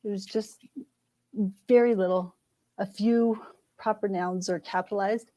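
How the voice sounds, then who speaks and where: A woman's voice: mid-range voice, fairly even intonation, unhurried, mellow, rough recording. A middle-aged woman scholar, a guest in a conversational interview, speaking thoughtfully and earnestly. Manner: thoughtful, earnest, frequent restarts.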